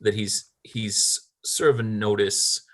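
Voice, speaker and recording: Rambling low-voiced male game master. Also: steady tone, slow. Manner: rambling, filler-heavy narration with laughs. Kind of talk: narrating a tabletop game for a charity stream.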